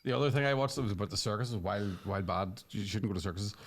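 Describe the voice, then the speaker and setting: A low-voiced man talks quickly in a rambling, sweary way, spinning comic stories on a podcast. He laughs often and keeps the chat loose. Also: a little hiss or hum. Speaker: podcast co-host. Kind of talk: comedic storytelling chat.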